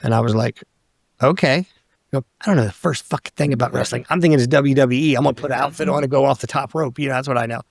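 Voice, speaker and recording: A man's voice: mid-range voice, very fast, gravelly, few pauses, no echo. Middle-aged man telling stories, dry sound. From Northern Virginia, USA. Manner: animated storyteller who acts out quoted people, swears casually. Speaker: podcast guest. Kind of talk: casual storytelling conversation.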